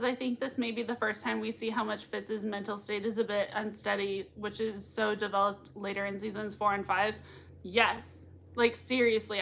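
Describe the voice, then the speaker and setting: A woman hosting a live reaction stream at home. She gushes excitedly, laughs often, and reads out viewer comments between her own reactions. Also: mid-range voice, gravelly. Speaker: livestream reaction host.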